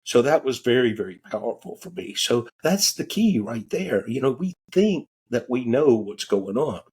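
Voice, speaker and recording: A man's voice: medium pitch, sing-song, moderate pace, darkish tone, slightly rough. A man who is a guest on a podcast, telling a story in a casual, candid way and cursing now and then. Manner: casual and candid, swears freely. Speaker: guest, transformational coach. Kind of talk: conversational storytelling.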